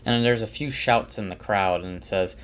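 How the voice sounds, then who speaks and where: Low-voiced man casually summarizing a book. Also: fairly quick, fairly bright tone, smooth. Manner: casual, full of "like" and "uh".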